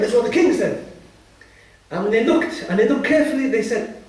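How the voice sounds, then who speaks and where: A man with a notably high voice tells a religious story to a gathering, voicing each character in turn. He coughs and clears his throat now and then. The recording is very echoey, taken from far across a large hall. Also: moderate pace, darkish tone. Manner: retells dialogue with shifting pitch, frequent coughs and throat clearing. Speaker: religious teacher. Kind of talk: storytelling lecture.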